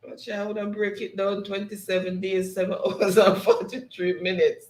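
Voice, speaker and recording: A man's voice: high-pitched, flat delivery, normal speed, echoey room, low-quality recording. Laughing Jamaican man reading comments. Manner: laughs often, reads comments aloud in patois. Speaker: show host. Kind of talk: casual live-stream chat, reading viewer comments.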